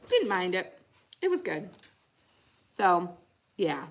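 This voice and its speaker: A woman's voice: fairly low pitch, sing-song, slow, creaky. A woman co-hosting a casual crafting livestream, telling stories with lots of acted-out quotes. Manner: chatty storyteller, acts out quotes. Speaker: livestream co-host. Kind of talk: casual chat while crafting.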